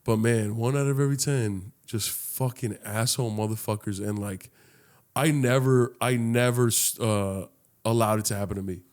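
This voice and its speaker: A young man from Los Angeles with a medium-pitched voice speaks at normal speed as a podcast co-host. In a casual chat, he tells stories in an animated way, swearing heavily and acting out other people's voices.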